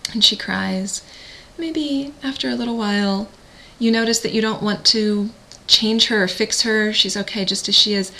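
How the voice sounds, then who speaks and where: Brief: woman parent coach guiding a visualization, soothing and unhurried, bright voice with some vocal fry. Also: mid-range voice, poor audio. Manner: gentle, slow, soothing. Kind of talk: guided visualization.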